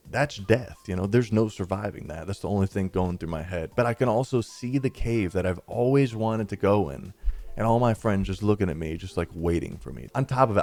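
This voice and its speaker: Laid-back man telling a story, low voice. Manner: laid-back and chatty, peppered with 'dude' and 'listen'; lively retelling with rises and drops in pitch and volume. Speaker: storytime YouTuber. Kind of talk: casual storytime narration over gameplay.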